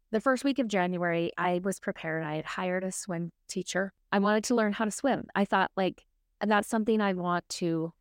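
A woman's voice: fairly low pitch, clear, resonant tone, no room sound, clean studio sound. A woman co-hosting a podcast, chatting casually and telling a personal story, acting out back-and-forth dialogue and often checking in with "right?". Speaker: podcast co-host. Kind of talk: casual chat.

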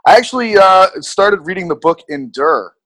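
Relaxed young man, dry close sound. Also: sits high, moderate pace, no room sound. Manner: relaxed, lots of "like" and "you know" fillers. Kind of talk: casual interview chat.

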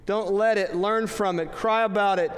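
A man's voice: high voice, fairly even intonation, normal speed, natural voice. A man voicing a fierce male basketball coach giving a scolding halftime speech. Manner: barking, scolding pep talk. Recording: long hall reverb.

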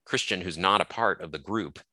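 A man's voice: low-pitched, a little fast, bright, forceful tone, no echo. A male scholar explaining ideas from his book in a thoughtful, hedging way, with many fillers and restarts. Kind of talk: conversational explanation.

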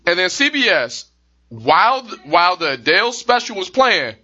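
A man riffs through comedic stories in a high, lively voice that swings up and down as he jokes. The tone is very bright, and the audio sounds muffled and lo-fi. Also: moderate pace. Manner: animated, joking storyteller, playful voices. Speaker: podcast co-host. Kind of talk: casual comedic chat. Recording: dull lo-fi sound.

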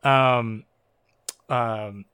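A man co-hosting a casual discussion of a fan story, talking in animated, frustrated bursts full of fillers. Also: mid-range voice, very slow, smooth. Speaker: podcast co-host.

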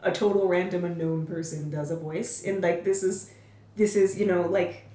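A woman's voice: on the low side, steady tone, normal speed, warm tone. Chatty woman in a roomy room. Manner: enthusiastic, rambling with fillers. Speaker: podcast co-host. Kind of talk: casual chat. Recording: roomy echo.

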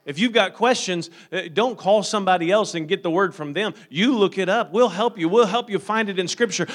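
A man's voice: high-pitched, a little fast, hardly any pauses. Man preaching a sermon, rising fervor. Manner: rises to loud emphatic preaching, then calm practical teaching; frequent fillers and repeated words. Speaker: pastor.

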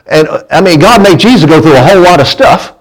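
A preacher man with a somewhat high voice delivers a folksy sermon. He keeps asking his congregation for answers and trips over and repeats his words as he pushes his point. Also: animated, fast, rough recording. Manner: folksy preaching with call-and-response and stumbling restarts. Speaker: pastor.

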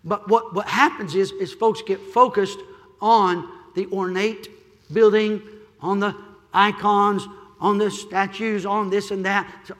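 A male pastor preaching a sermon, building from quiet pleading to loud shouting and repeating his key phrases. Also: high voice, steady tone, a little slow, long reverb tail. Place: church sanctuary.

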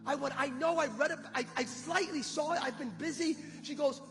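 A man preaching a sermon as pastor, telling a story with animated quotes and building to loud shouted calls to the congregation. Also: very high voice, fairly quick, hardly any pauses. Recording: long hall reverb with music behind.

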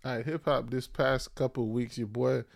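A man co-hosting a podcast with a gravelly, creaky voice at a middle pitch. He talks in a laid-back way as he brings up each topic. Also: fairly even intonation, normal speed. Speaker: podcast co-host. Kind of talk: casual chat.

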